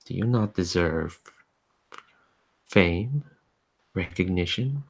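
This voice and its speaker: A man voicing a spirit trapped in a cathedral, who coaxes the listener softly and slowly. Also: low-pitched, lively intonation, gravelly, husky, full character voice. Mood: coaxing. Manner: soft, slow, sweet-talking.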